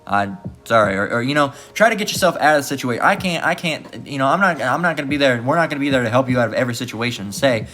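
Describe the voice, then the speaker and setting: A man's voice: medium pitch, rapid-fire, few pauses, fairly bright tone, soft background music. A man teaching from scripture in a casual sermon, repeating "okay?" and "all right?" as he goes. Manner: informal, repetitive, keeps asking "okay?" and "all right?". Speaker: Bible teacher.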